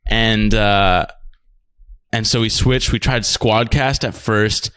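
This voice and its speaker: A man's voice: lowish voice, fairly even intonation, takes it slowly, a bit bright, clear, resonant tone, no echo, studio quality. A man co-hosting a podcast in casual chat, laid-back and swearing freely as he laughs along. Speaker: podcast co-host. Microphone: remote podcast recording.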